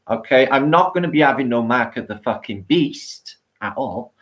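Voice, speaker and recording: A middle-aged man, rambling excitably on a live stream, swearing often and laughing between thoughts, worn out from a long walk. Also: medium pitch, normal speed. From Wales. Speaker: livestream host.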